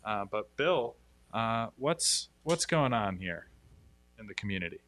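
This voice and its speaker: A man co-hosting a casual livestream chat, upbeat and quick to laugh, often restarting his sentences. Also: fairly low pitch, very animated, a bit bright. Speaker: stream co-host.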